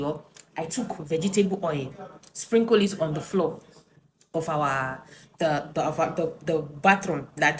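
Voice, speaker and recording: Woman, lowish voice, animated personal story, lots of "right?" and fillers. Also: a little hiss or hum. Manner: animated, tag questions and fillers.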